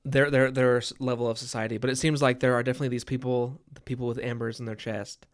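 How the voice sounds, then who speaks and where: A man's voice: medium pitch, little pitch movement, fast. Musing man who stammers and repeats. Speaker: podcast co-host. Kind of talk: casual book discussion.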